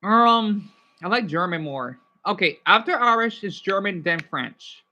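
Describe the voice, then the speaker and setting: A woman's voice: medium pitch, expressive, unhurried, sharp tone, highs cut off. A woman hosting a livestream, chatting casually with viewers and often restarting and correcting herself. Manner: rambling, restarts and self-corrections. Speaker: livestream host.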